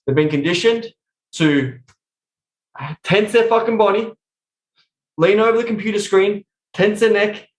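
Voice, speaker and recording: A man speaking as a coach on a casual podcast interview over a remote call, blunt and animated, swearing constantly. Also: sits high, a little slow, pauses often, reverberant, low-quality recording.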